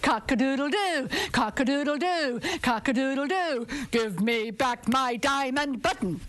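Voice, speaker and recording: A woman's voice: high-pitched, lively intonation, a little slow, fairly bright tone. Woman playing a crowing little rooster. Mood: crowing demand. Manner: crowing, insistent, sing-song calls. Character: defiant little male pet rooster.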